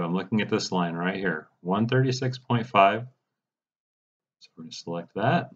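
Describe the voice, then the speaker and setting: A man giving a casual step-by-step software tutorial, walking viewers through settings in a mildly exasperated way. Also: lowish voice, dull audio. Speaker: radio programming instructor. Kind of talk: screen-recorded software tutorial.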